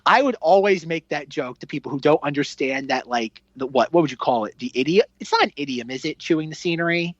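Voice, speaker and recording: A man's voice: fairly high pitch, fast talker, hardly any pauses, no room sound, muffled recording. A man co-hosting a film podcast, chatting casually and acting out his own reactions with jokes. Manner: animated, jokey, acts out his reactions. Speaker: podcast co-host. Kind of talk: casual chat.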